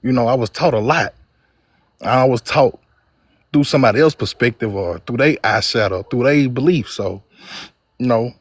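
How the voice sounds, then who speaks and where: A man, from Mississippi, speaking reflectively and haltingly in an online debate. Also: medium pitch, husky, dry recording. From Mississippi, USA. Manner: reflective, halting, repeats words. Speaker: debate participant. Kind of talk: personal testimony in an online debate.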